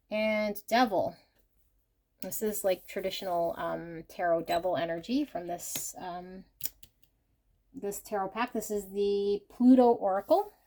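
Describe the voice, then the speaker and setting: Gentle, effusive woman reading tarot. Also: medium pitch. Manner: gentle, effusive, often exclaims in delight; talks while shuffling and laying out cards. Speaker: tarot reader.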